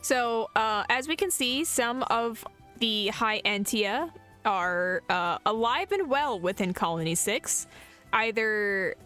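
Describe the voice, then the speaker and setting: A young adult woman commenting on a game stream in a playful, joking way, her pitch slightly high and swinging widely while she talks slowly. Faint music plays behind her. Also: expressive, sharp tone. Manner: playful, laughing, jokey asides. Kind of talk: casual gameplay commentary.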